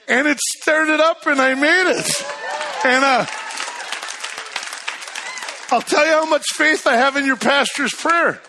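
A man in his fifties, a guest preacher in a church, telling stories in an excitable, chatty way with many restarts. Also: extremely high pitch, normal speed, some chatter behind. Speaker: guest speaker. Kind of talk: sermon with storytelling.

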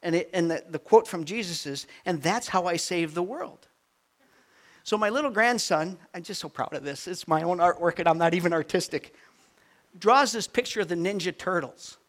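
An older man, a grandfather, preaching a sermon with animated swings from quiet asides to near-shouted peaks. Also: high voice, brisk. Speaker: pastor.

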